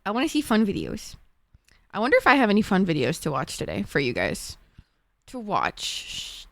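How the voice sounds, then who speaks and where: A young woman streamer chatting casually with viewers, excitable and swearing, laughing often. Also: medium pitch, moderate pace, creaky, dry recording. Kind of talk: casual gaming stream chat.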